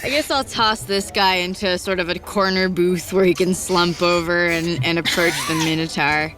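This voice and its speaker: A woman's voice: lowish voice, fairly even intonation, moderate pace, a bit bright, soft background music. A woman playing a tabletop game, playful and laughing often as she talks. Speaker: player. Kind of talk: casual tabletop play.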